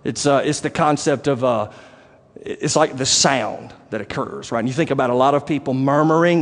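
A man preaching a sermon, animated and acting out the voices of the people he describes. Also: medium pitch, moderate pace. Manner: animated, acts out quoted voices, rising to shouts. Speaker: pastor. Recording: long hall reverb.

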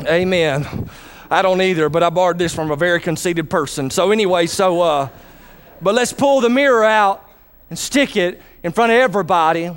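A man's voice: high voice, moderate pace, clear, resonant tone. A man preaching a sermon in church who calls for responses from the congregation.

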